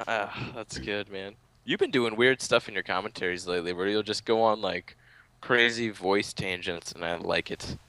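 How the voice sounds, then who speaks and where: A man's voice: on the low side, moderate pace, pushed and bright, clear, resonant tone. A man co-hosting a podcast in casual chat, talking loosely, swearing and laughing readily. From United States. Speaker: podcast co-host.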